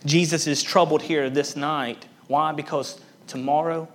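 Earnest preaching man, slightly high voice. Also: steady tone, a little slow, a bit bright. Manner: earnest, emphatic, repeats words for stress. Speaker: pastor. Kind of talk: sermon.

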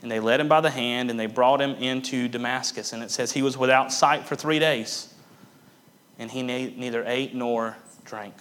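A man preaching a sermon, swinging between loud emphatic bursts and hushed, quiet passages, repeating key phrases for emphasis. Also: medium pitch, steady tone, normal speed. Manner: emphatic repetition. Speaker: pastor.

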